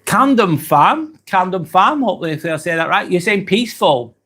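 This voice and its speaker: High-voiced and quick, with a slightly bright sound, a man from England in his 40s hosts a live stream. He chats through viewer comments in a casual, earnest, hesitant way, filled with ums and apologies.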